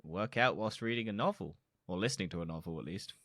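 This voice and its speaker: A man's voice: deep voice, quick pace, fairly bright tone, dry recording, studio quality. A young man co-hosting a podcast, talking bluntly with crude asides in casual chat. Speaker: podcast co-host.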